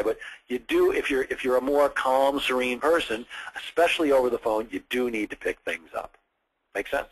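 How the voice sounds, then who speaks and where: A man's voice: mid-range voice, brisk, breathy edge, low-quality recording. A man leading a sales training session, talking enthusiastically with lots of rise and fall in his voice. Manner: enthusiastic, varied inflection; conversational, with frequent restarts. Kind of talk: training seminar lecture.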